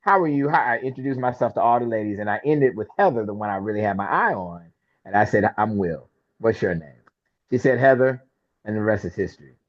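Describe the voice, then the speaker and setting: Animated male storyteller, lo-fi sound. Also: lowish voice, quick pace. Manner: lively storyteller who acts out quoted dialogue. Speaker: interview guest, film producer. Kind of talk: animated storytelling in a podcast interview.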